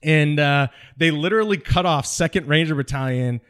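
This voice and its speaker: A man from California with a fairly high speaking voice, a veteran guest on a podcast. He tells his story animatedly, laughing often and slipping into the voices of the people in his anecdotes. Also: moderate pace, fairly bright tone, clear, resonant tone. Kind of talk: storytelling interview.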